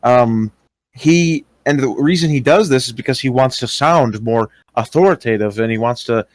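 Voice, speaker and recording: A man's voice: mid-range voice, moderate pace, no echo. A young man speaking casually as an interviewee, hesitant, with many fillers and restarts. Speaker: interviewee recounting experiences. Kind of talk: casual voice-call talk.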